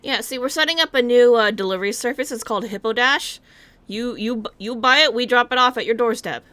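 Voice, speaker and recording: A woman's voice: fairly high pitch, fairly quick, bright, forceful tone, no room sound, pitched above the performer's own voice. A woman voicing a boisterous male cart-driving gang member in a game read-along, with folksy, drawling tough-guy talk. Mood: eager. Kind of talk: reading game dialogue aloud.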